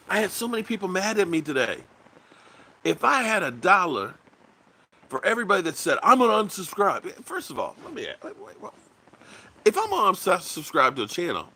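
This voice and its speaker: A man hosts a casual sports livestream, his voice bright and forward with a lively, swooping pitch. He rambles loosely, reads viewers' comments aloud, and curses bluntly. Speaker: sports channel host.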